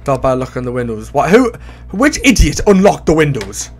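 A man doing casual let's play commentary on a horror game, excitable and bursting into shouts. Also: on the high side, moderate pace, breathy edge, soft background music. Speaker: gaming YouTuber.

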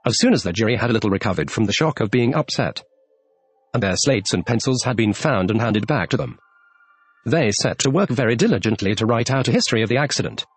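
A man's voice: mid-range voice, lively intonation, fast, husky, no echo. A man narrating a classic storybook, reading expressively and giving the characters their lines. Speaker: audiobook narrator. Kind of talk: scripted narration. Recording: dry close mic, faint music behind.

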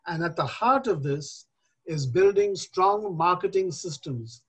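An older man from India speaking on a panel discussion, measured and deliberate, stressing key points. He talks over a video call. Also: sits high, slightly rough, rough recording.

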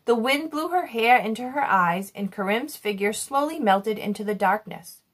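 A woman reading a children's chapter book aloud in an expressive storytelling manner. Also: a little high, moderate pace. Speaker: reader.

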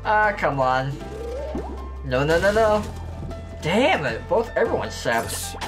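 A man's voice: a little high, very animated, takes it slowly, music in the background. A man with a slight lisp giving rambling, self-deprecating commentary while he plays a game. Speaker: gameplay commentator. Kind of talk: casual let's-play commentary.

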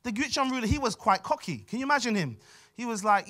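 A man preaching a sermon with a London accent, emphatic and repetitive, often dropping to quieter asides. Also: very high voice, lively intonation, quick pace. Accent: London English. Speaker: pastor.

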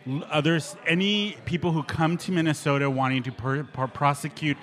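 A man's voice: a little high, steady tone, normal speed, a bit bright. A man hosting a casual podcast recorded live at a bar event, chatty and steering the talk between guests. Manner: chatty, laughing, steering the conversation. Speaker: podcast host.

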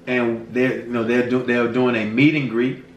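A man with a Southern US accent, chatting casually and playfully on a couple's eating show, telling stories with loud bursts. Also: mid-range voice, moderate pace, distant mic, highs cut off. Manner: animated storyteller, playful, rising to loud bursts. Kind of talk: casual chat while eating. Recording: roomy sound from a mic set back, faint noise.

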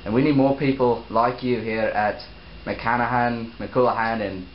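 Young guy as an earnest, fumbling boss in an amateur skit; boomy room, muffled lo-fi sound. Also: fairly even intonation, normal speed, close to an everyday voice. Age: young adult. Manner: stumbles over lines, restarts takes. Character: grateful male company boss, earnest and fumbling. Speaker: student actor. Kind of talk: amateur class-project acting with outtakes. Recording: echoey lo-fi room recording with noise.

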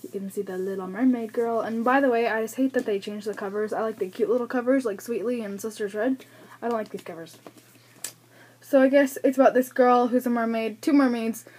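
A woman's voice: on the high side, steady tone, fairly quick, a little mellow, slightly rough. Breathless chatty young woman vlogger. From United States. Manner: rambling, self-deprecating, chatty. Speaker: book vlogger. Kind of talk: casual book haul vlog. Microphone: built-in camera mic.

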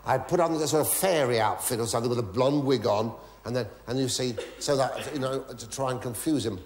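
Speaking briskly in a medium-pitched voice, a man performs stand-up storytelling before a live theatre audience, stammering, muttering gossip, and abruptly shrieking and mock-pleading. The echoey live recording includes audience laughter.

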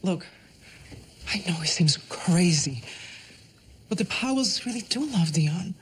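An actress playing a flustered, coaxing woman in a TV drama, with soft music behind her. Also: lowish voice, lively intonation, a little slow, slight background noise. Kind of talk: TV drama acting. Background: music score.

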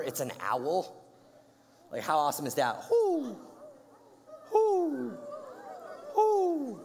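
A man's voice: a little high, big-room sound, a little hiss or hum. A young man from Georgia, telling a slangy, playful story to a youth audience. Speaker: youth speaker.

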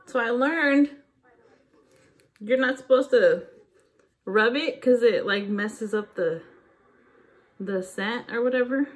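A woman vlogging about her shopping finds, chatting casually to camera and gushing with excitement over each item. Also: a little high, slow pace, long pauses.

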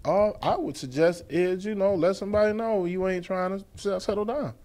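A man chatting casually about relationships on a talk show, animated and teasing. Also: sits high, normal speed.

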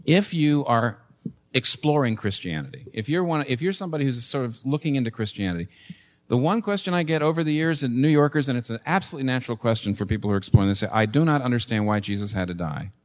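A man in his sixties preaches to his congregation in an earnest, reasoning way. His voice sits at an ordinary middle pitch, and he drives key points home through insistent repetition. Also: very animated, quick pace. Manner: earnest, building to emphatic repetition. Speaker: pastor. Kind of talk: sermon.

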